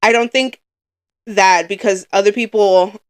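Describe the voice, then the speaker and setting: A woman's voice: mid-range voice, fairly even intonation, measured pace, smooth. A young woman co-hosting a podcast, talking in a rambling, filler-heavy, emotional way. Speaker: podcast co-host. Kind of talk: casual chat.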